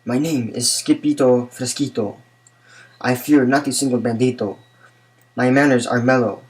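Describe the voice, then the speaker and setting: A man's voice: normal speed, lightly acted, rough recording. A man reading aloud and voicing a playful little boy kitten with a mock-Spanish flair. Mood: sung. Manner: mock-Spanish flourish, high excited bursts. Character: small boy Siamese kitten, playful and daydreaming.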